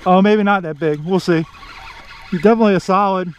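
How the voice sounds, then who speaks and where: A man filming himself bass fishing from a boat outdoors, cheering on every catch with casual commentary. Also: fairly quick, highs cut off, slight background noise. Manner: excited, cheers on fish with stock phrases. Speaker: fishing vlogger.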